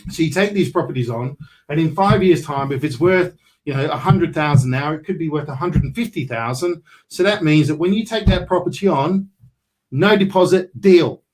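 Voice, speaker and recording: A man's voice: a little high, moderate pace, darkish tone, poor audio. A man mentoring a group on property deals, brash and salesy, swearing casually as he talks.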